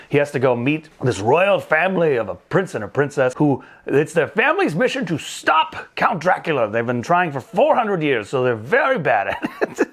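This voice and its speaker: A man hosting a movie review show, casually recapping a film plot with jokes and funny voices. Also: fairly high pitch. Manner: animated, joking, acts out movie lines in funny voices.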